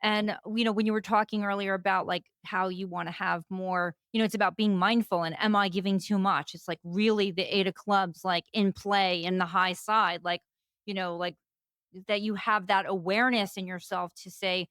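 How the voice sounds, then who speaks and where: A woman's voice: mid-range voice, steady tone, normal speed, a bit bright, clean tone, dry recording, studio quality. A woman co-hosting an interview, speaking effusively and filling her talk with "you know" and "like". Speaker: co-host. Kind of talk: casual conversational interview.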